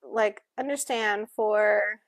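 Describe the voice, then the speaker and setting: A woman co-hosting a casual book discussion, talking while she signs and voicing for a signing co-host, in a halting, self-correcting way. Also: medium pitch, fairly even intonation, dry recording.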